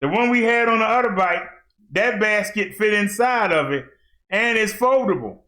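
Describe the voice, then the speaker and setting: Chatting straight to his audience as he works, this male fitness vlogger laughs a lot and keeps things casual. He has a high-pitched, bright, forceful voice at a moderate pace, recorded in an echoey room.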